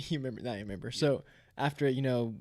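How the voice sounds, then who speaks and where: A young man in casual podcast conversation, teasing his friend and laughing as he tells the story. His voice sits at an ordinary middle pitch, recorded close and dry. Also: fast talker, darkish tone, no room sound.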